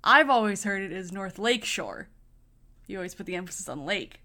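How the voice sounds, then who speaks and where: A woman's voice: medium pitch, lively intonation, quick pace, bright, forceful tone. A woman co-hosting a podcast, chatting casually and a little self-deprecating about being pedantic. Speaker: podcast co-host. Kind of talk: casual chat recapping a TV episode.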